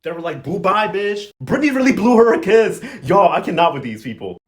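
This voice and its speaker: A man's voice: sits high, big pitch swings, quick pace, darkish tone. A man casually recapping a soap opera episode, sassy and slangy, quoting the characters in playful voices. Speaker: novela recap host.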